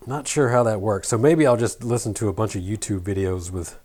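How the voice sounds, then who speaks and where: A middle-aged man with a faint, mostly flattened Southern American accent, chatting casually and muttering to himself while working at a bench. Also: on the low side, brisk. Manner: rambling, self-deprecating, mutters while working. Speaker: hobby shop owner building an RC truck.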